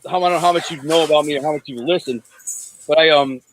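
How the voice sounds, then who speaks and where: A man in his forties from Detroit, bluntly telling rough stories in an interview over a video call, rambling with many restarts. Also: fairly high pitch, quick pace, slight background noise, low-quality recording. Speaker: interview guest. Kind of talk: candid storytelling in an interview.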